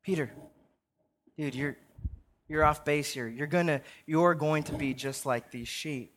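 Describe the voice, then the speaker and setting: A man's voice: a little high, a little slow, a bit bright, a little hiss or hum. Conversational man preaching a sermon. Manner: conversational preaching, frequent "right?" tags. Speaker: pastor.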